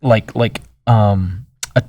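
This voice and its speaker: A man, a pastor, speaking candidly in a halting way with many restarts, in a casual conversation. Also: fairly low pitch, fairly even intonation, a little mellow, dry recording, recorded from a distance.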